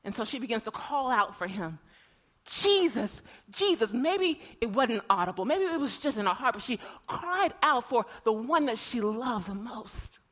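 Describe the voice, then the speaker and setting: A woman preacher giving an emotional sermon, telling stories and often repeating words as she swings between hushed and loud. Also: a little high, expressive, moderate pace, few pauses.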